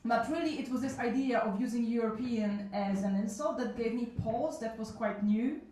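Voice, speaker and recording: A woman's voice: on the high side, moderate pace, warm tone. Woman in her 30s, live comic storytelling, candid and chatty, distant mic in a roomy cafe. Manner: self-mocking, frank, chatty with asides. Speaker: solo show performer telling stories. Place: small cafe event room. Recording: echoey room from a distance.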